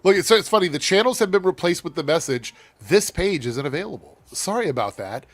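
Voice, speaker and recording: A man's voice: high-pitched, animated, a little fast. A man hosting a casual live show, talking loosely and bluntly with frequent swearing. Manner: loose and profane, laughing. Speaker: host. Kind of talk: casual chat.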